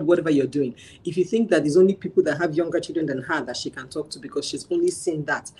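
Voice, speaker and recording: A woman guest chats casually about her parenting experience, telling animated stories, acting out dialogue, and laughing often. Her lowish voice is slightly rough, and the audio is poor.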